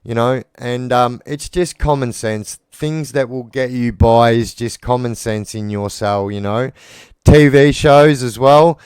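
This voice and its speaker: Blunt Australian man, very smooth voice. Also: medium pitch, unhurried, darkish tone, dry recording, clean studio sound. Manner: blunt, rambling, swears freely. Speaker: former prisoner telling stories. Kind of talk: casual monologue.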